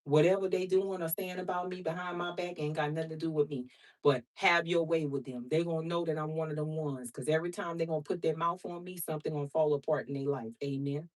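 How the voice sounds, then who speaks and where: A woman's voice: low-pitched, steady tone, fast talker, darkish tone, far from the mic. A woman who reads tarot, talking casually and bluntly to her viewers, calling them sister and baby and swearing freely. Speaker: tarot reader. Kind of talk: casual vlog chat to viewers.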